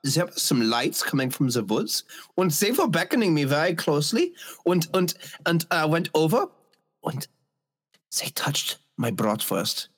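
A crude, randy German submarine sailor, as a man puts him on for a laugh. The fake accent is hammy and the voice leaps around in pitch, a little husky. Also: very animated, normal speed. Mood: lewd. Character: horny German submarine sailor, adult male.

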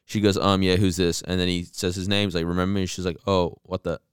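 Male podcast co-host, low and smooth, casual banter and steady read-aloud, dry close sound. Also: fast, no echo. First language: Arabic. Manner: reads a long message aloud in an even, steady way.

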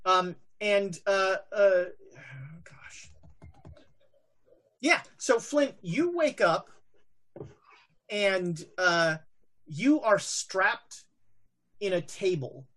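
A woman's voice: mid-range voice, lively intonation, very slow, long pauses, fairly bright tone. A woman narrating a tabletop game as game master, hesitant and full of fillers.

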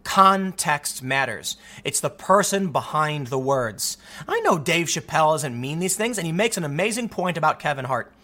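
A man giving opinionated solo commentary in an emphatic, animated way, often repeating words as he gets going. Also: fairly high pitch, normal speed. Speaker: political commentator.

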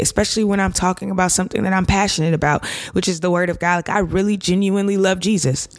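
A woman's voice: fairly low pitch, dry recording, studio quality. Heartfelt woman podcast host, casual slang. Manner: casual and heartfelt, slang-filled, gets emotional. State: tearful. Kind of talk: faith podcast monologue.

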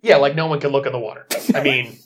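A man from Las Vegas co-hosting a podcast, reading scripture aloud with deadpan jokes in casual chat. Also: mid-range voice, fast. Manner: deadpan jokey, animated intonation. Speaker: podcast co-host.

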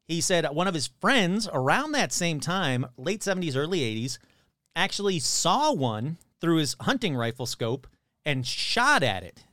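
A man with a slightly higher voice retells a story he heard, casual and animated. He jumps into the voices of the people in it and swears without a second thought. The recording is close and dry, with no room sound. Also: measured pace, no room sound.

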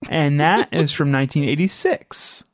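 Low-voiced, lively woman podcast host. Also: moderate pace, no room sound, studio quality. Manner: chatty, self-mocking, rambling guesses. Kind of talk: casual chat, guessing movie quotes.

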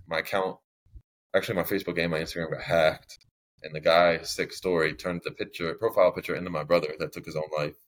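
Brief: young man, extremely low voice, long-winded casual storyteller, guest on a podcast. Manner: rambling, heavy use of "like", long-winded.

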